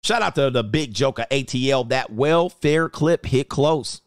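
A man's voice: medium pitch, a little slow, dry recording, clean studio sound. Joking, laughing man. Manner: joking, laughing often, slangy and profane. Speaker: dating coach streamer. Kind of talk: casual livestream commentary.

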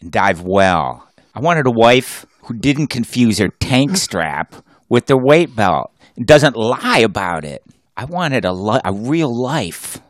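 A man plays a bitter, hot-tempered husband who rants loudly and sarcastically at his wife. His voice swings widely. It is recorded close and dry. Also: medium pitch, sing-song, slow pace, no echo. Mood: angry ranting. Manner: loud, sarcastic ranting.

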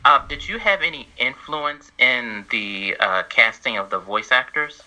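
A man's voice: medium pitch, a little slow, sharp tone, low-quality recording. A man interviewing a guest, asking questions with the eagerness of a fan. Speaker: interviewer, podcast host. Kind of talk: casual interview.

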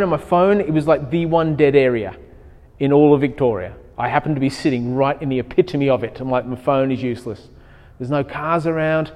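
A man preaching a sermon, telling a personal story in an animated way and acting out his own thoughts. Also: a little high. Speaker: pastor. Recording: long hall reverb.

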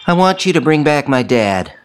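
A man voicing a blunt teenage girl, high and direct. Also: big pitch swings, normal speed, faint music behind. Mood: worried. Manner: direct, questioning.

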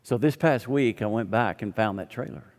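A man's voice: lowish voice, normal speed, a little mellow. Man, pastor, sermon storytelling, long hall reverb. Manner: storytelling, acting out both sides of a conversation.

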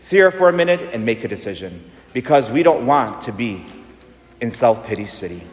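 A man's voice: medium pitch, very animated, brisk. A male pastor preaching a sermon, emphatic and repetitive, leading the congregation in call-and-response. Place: large church. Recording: echoey church hall.

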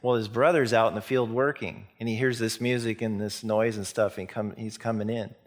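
A man's voice: fairly low pitch, steady tone, a little fast. A man preaching a sermon as a pastor, retelling a parable in a conversational storytelling way with many restarts. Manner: conversational storytelling with frequent restarts and acted-out quotes.

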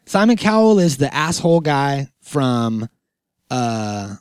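A man chatting on a podcast, keeping his jokes deadpan and rambling through them with plenty of fillers. His pitch sits in an ordinary middle range. The sound is close and dry, with no room around it. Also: slow, clean tone, dry recording. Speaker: podcast host. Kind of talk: casual comedic chat.

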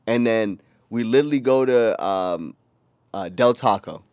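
A young man co-hosting a casual podcast, telling a rowdy story with lots of profanity and loud acted-out quotes. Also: lowish voice, unhurried, dry recording. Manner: animated, profane, acts out quotes in a raised voice. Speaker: podcast co-host.

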